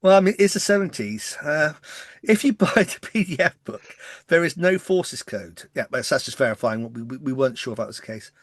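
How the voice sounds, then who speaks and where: Fast-talking English man, West Country hint. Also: fairly high pitch, lively intonation, no room sound. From West Country, England. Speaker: podcast co-host. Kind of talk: casual chat.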